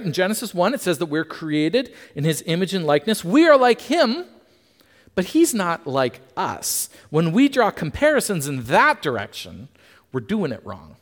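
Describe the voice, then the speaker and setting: Male preacher with a bright, swooping delivery and a conversational sermon style, heard in a church hall with a lingering echo. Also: sits high. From Canada. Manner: lively, emphatic, asks the congregation questions.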